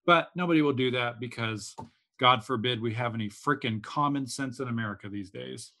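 A man's voice: mid-range voice, brisk, bright, forceful tone. A man from Alaska co-hosting a political talk show, ranting in an indignant, exasperated way. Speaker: podcast co-host.

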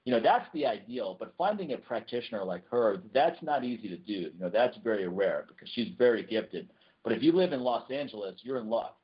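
Male podcast co-host, husky tone, casual and earnest, muffled lo-fi audio. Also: mid-range voice, brisk. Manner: relaxed, earnest recommending, frequent restarts. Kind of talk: casual chat.

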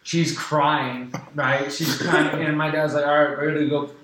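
A man's voice: fairly high pitch, little pitch movement, a little slow, slight background noise. Profane young man telling a story, laughing. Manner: laughing, profane, rambling with many "like"s. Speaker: podcast guest. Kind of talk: casual storytelling. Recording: roomy room with loud laughter.

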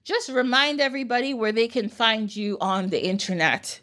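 A woman hosting a podcast, telling a story in a casual, animated way, laughing and swearing casually. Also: a little high, normal speed. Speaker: podcast host.

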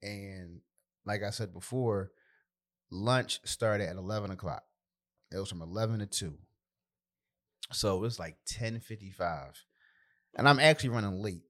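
Laid-back podcast co-host. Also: male voice, lowish voice, measured pace, long pauses, a bit bright. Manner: laid-back, easygoing, chimes in with short replies. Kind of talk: casual chat.

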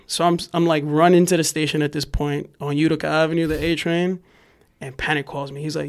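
A man tells a wild street story in loose, casual chat. His voice sits a bit high for a man, and he jumps into loud shouted impressions of the people in the story. He swears freely and fills every gap with "like.". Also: quick pace. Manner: animated, profane, lots of "like", acts out yelling voices. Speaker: graffiti writer guest.

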